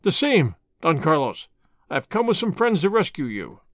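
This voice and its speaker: A man voicing a bold masked highwayman who gives stern commands, read as an audiobook. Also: big pitch swings, normal speed, a bit bright, no echo, clean studio sound. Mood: commanding.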